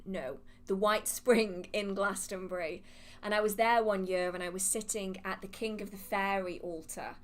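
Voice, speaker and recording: A woman hosting a live witchcraft Q&A, chatty and animated, laughing often as she reads questions from the chat. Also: medium pitch. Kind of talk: casual livestream Q&A, reading chat questions aloud.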